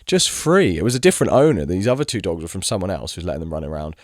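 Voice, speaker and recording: A young man rants to camera in a low, deep voice, exasperated and swearing freely. He mimics other people mockingly as he vents. The sound is dry and close, with no room echo. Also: expressive, quick pace. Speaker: video creator. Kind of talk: casual ranting monologue.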